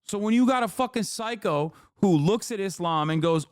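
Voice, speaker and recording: Man, high voice, dry close sound, profane exasperated rant, streamer commentary. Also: unhurried, few pauses, no room sound. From Muslim-majority country. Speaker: streamer reacting to a video. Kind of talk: heated livestream commentary.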